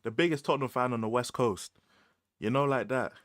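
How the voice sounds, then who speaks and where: This livestream host, a young man from London, talks football in a relaxed way, laughing often and repeating slangy phrases. He speaks fairly quickly in a mid-range, fairly bright voice, recorded dry at studio quality.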